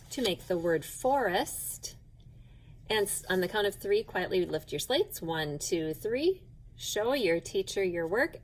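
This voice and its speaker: Slow, patient woman teaching phonics. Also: medium pitch, poor audio. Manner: slow, clear, patient classroom delivery, sounding words out. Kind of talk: recorded phonics lesson for children.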